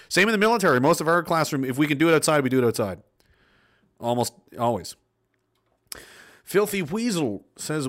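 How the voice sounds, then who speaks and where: A man hosting a casual livestream, reading viewer messages aloud and ranting, loud at times and mumbling at others. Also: a little high.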